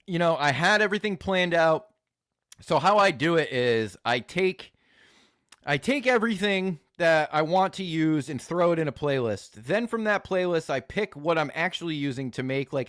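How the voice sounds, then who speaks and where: A man's voice: fairly high pitch, fairly bright tone, no echo. Crude joking streamer guy, dry close mic. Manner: crude, joking, rambling, swears a lot. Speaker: streamer host reacting to videos. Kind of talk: casual live-stream chat.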